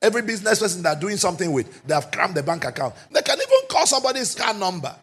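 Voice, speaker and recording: A man preaching a sermon as pastor, emphatic and often shouting, with rhetorical questions to the congregation. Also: high voice, huge pitch swings, quick pace, slightly rough.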